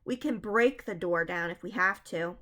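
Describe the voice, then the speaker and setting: A woman's voice: on the low side, moderate pace, pushed and bright. A woman reading the lines of a schoolboy who is trying to sound brave, in a storybook. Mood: determined. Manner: determined. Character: schoolboy finding his courage.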